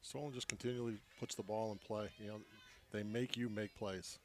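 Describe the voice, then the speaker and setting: A man giving easygoing, chatty color commentary on softball from a press box, with many "you know"s. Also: lowish voice, steady tone, brisk. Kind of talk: relaxed sports color commentary.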